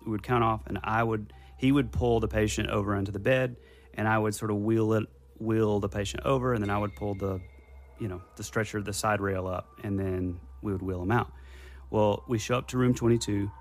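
A man's voice: lowish voice, steady tone, a little fast, a little hiss or hum. A young adult man telling a personal story casually to a host, with a rambling, detail-heavy delivery full of restarts.

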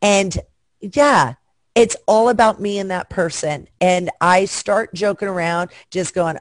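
In a medium-pitched voice at a measured pace, with no room sound, a woman guest performer talks on a video call. Her casual conversation is bawdy and frank, full of jokes.

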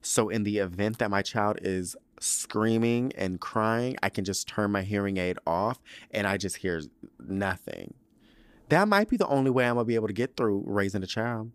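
A young man talks loosely into the mic and drifts from one tangent to the next, swearing freely. His voice sits a little low. The sound is dry and close. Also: smooth, no echo. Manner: chatty, rambling, profane, goes off on tangents. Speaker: podcast host. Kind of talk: casual solo chat.

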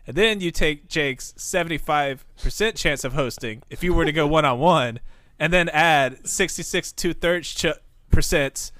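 A man putting on a brash, muscle-bound male wrestler cutting a loud, boastful promo full of made-up math. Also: fairly high pitch, moderate pace, no room sound.

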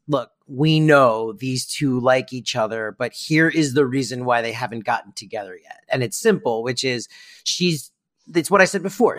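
A podcast co-host chatting about a sitcom episode in a loose, rambling way. The voice sits at a middling pitch, and the talk is peppered with "like" and "I mean" as thoughts get worked out aloud. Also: a bit bright. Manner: chatty, hedging with fillers like "like" and "I mean".

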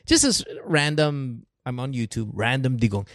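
A man's voice: medium pitch, lively intonation, moderate pace, fairly bright tone, no echo, studio quality. A man co-hosting a casual podcast, switching between English and Tagalog, joking and laughing often. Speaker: podcast co-host. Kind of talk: casual banter.

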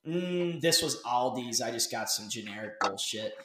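A young man hosting a podcast. He chats casually, rambles in an animated way and swears freely from a dark home office. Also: mid-range voice, moderate pace, background noise. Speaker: podcast host. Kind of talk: casual chat. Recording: roomy echo.

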